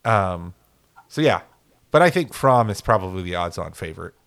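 A man's voice: low-pitched, animated, moderate pace, a bit bright. Rambling joking man, podcast co-host. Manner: rambling, joking, lots of fillers and restarts. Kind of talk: casual sports podcast chat.

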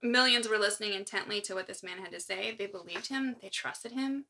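A woman's voice: mid-range voice, brisk, creaky, sharp tone. A woman co-hosting a podcast, recounting a story from her notes with wry asides. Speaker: podcast co-host. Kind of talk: casual chat, reading from notes.

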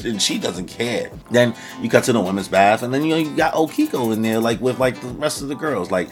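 A man's voice: mid-range voice, fast, hardly any pauses, soft background music. A young man casually reviewing an anime chapter in a slangy, rambling way, often breaking into quoted voices.

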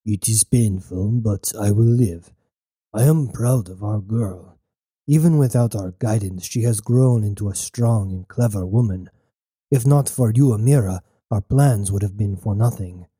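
A man doing a hoarse, wounded father figure who speaks slowly and formally, his voice deep, dark and mellow. The story narration is close-miked and dry, with no room sound. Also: no room sound. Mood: gentle, proud. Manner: slow, formal speech without contractions. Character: gravel-throated older father, wounded yet proud.

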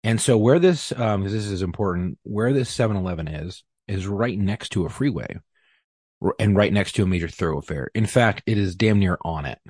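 A man with a low, husky voice tells a story in a loose, profane way, acting out each line people said. The sound is dry and close to the mic. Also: moderate pace, no room sound. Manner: profane, animated retelling with acted-out quotes. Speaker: podcast guest. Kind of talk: casual storytelling.

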